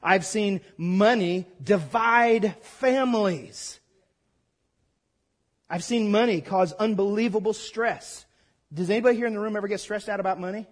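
A man preaching a sermon to his congregation as pastor, animated and repeating lines for emphasis, playfully mimicking the voices of his listeners. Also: high voice, unhurried. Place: church sanctuary before a congregation.

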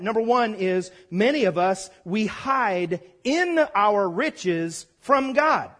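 A man in the pulpit delivers a sermon with a high, lively voice. He preaches with animation, repeats key lines for emphasis, and playfully mimics his listeners. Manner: mimics congregation voices with humor. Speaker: pastor. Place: church sanctuary before a congregation.

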